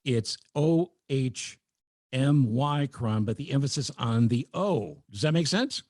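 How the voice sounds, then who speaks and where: A male podcast host in easy, joking conversation. His pitch swings widely as he teases and riffs, and the sound is dry and close. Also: takes it slowly, dry recording. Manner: wry, joking, lively delivery. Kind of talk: casual chat.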